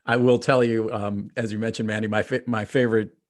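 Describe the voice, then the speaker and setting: A man's voice: fairly low pitch, level tone, fairly quick. A man hosting a podcast interview in a playful, upbeat, jokey way. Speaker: podcast host. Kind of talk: casual interview chat.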